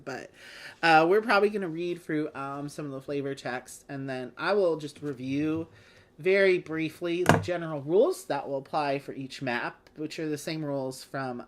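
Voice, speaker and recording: A chatty woman hosting a casual live play-along of a board game. Her voice moves up and down a lot as she rambles, laughing often between thoughts. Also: low-pitched. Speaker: host.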